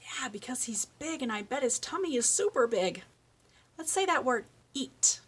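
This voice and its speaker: A woman giving a children's speech lesson, reading a picture book aloud and slowly modeling words for a young child to repeat. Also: sits high, sing-song, a bit bright, husky. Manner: slow, encouraging, exaggerates word sounds for a child. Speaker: speech therapist.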